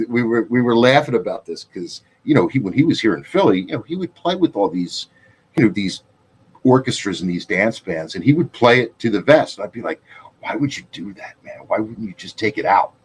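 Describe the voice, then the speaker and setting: A husky, medium-pitched man in his fifties, a guitarist co-hosting a podcast, tells loose, profane, rambling stories in casual chat, acting out the quotes.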